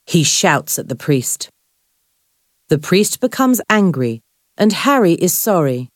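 Slow low woman reading a storybook. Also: dry recording, studio quality. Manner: slow, clear, expressive. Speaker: narrator. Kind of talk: scripted graded-reader narration.

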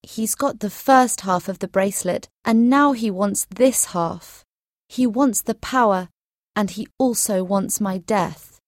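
A woman's voice: mid-range voice, unhurried, no room sound, clean studio sound, pitched above the performer's own voice, natural voice. A woman voicing a brave young man who speaks firmly and emphatically in a storybook reading. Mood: determined.

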